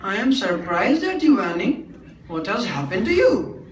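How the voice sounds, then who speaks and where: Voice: mid-range voice, big pitch swings, measured pace, a little hiss or hum. Someone playing a bossy, tired father. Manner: bossy, complaining. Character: demanding, tired middle-aged husband and father. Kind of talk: amateur stage acting. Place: theatre stage. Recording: echoey hall from far off.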